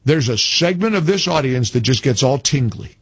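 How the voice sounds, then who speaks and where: A man's voice: medium pitch, expressive, moderate pace, slightly rough, no room sound. A man hosting a call-in talk radio show, delivering an emphatic monologue and repeating phrases as he builds his point. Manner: emphatic, repeats himself when worked up.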